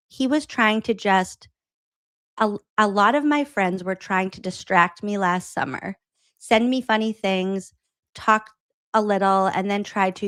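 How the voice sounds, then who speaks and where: A woman's voice: medium pitch, clear, resonant tone, dry recording. A woman podcast host reading an interview transcript aloud and adding wry asides between the quotes.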